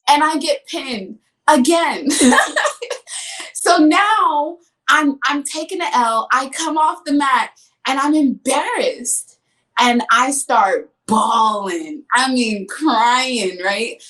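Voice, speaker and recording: A woman's voice: fairly high pitch, fairly bright tone. A young adult woman, a guest athlete on a podcast, telling stories casually and acting out her own past words. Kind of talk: casual storytelling in an interview.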